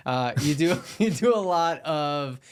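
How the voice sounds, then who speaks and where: A man hosts a podcast in a relaxed, encouraging way. His voice sits a little high for a man, and he likes to act out the doubting voice in your head. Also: unhurried, smooth. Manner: chatty, encouraging, acts out inner voices. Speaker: podcast host. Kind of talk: casual conversation about acting.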